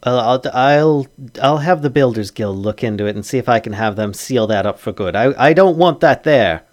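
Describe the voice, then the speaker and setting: A man's voice: mid-range voice, expressive, moderate pace, lightly acted. A man voicing a flustered, polite halfling father who stammers nervously. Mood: fussy. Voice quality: stammering, fussy.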